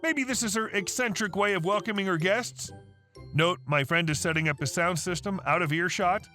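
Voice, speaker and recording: A man's voice: sits high, moderate pace, pushed and bright, faint music behind. A man reading online stories aloud in a wry, sarcastic storytelling manner. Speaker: story narrator.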